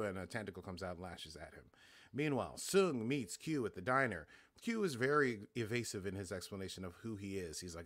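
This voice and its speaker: A man's voice: deep voice, a little fast, a bit bright. A man hosting a podcast, casually recapping a TV episode in a loose, rambling way, acting out lines with lots of fillers. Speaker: podcast host.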